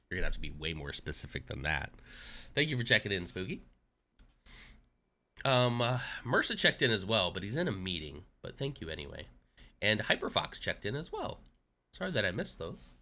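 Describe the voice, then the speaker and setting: Bright-voiced joking male streamer. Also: lowish voice, very animated, brisk. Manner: chatty, joking, self-deprecating. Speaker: livestreamer. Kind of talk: casual live-stream chat.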